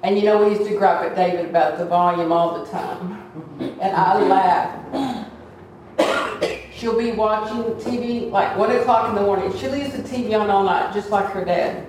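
A woman's voice: mid-range voice, normal speed, a little mellow, slight background noise. Woman, church testimony, earnest, heartfelt, distant mic, roomy echoing hall. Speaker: church member giving testimony. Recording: echoey hall from far off.

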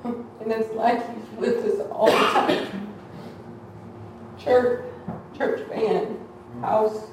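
A woman's voice: on the high side, steady tone, very slow, pauses often, slight background noise. A woman giving a heartfelt, conversational testimony to a church congregation. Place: church hall. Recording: echoey hall from far off.

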